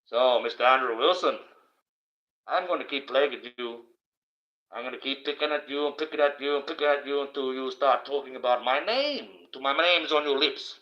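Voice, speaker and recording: Indoors and wearing a mask, a livestream host rambles through a blunt, profane preaching monologue. His voice is mid-range at a moderate pace, captured in dull, lo-fi stream audio.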